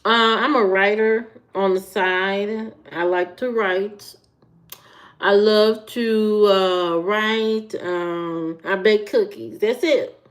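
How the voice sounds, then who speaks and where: A woman's voice: mid-range voice, steady tone, takes it slowly. A woman from the American Midwest hosting a livestream, chatting casually with viewers, repeating herself and answering comments. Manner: chatty, repeats herself, talks to chat by name. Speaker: livestream host.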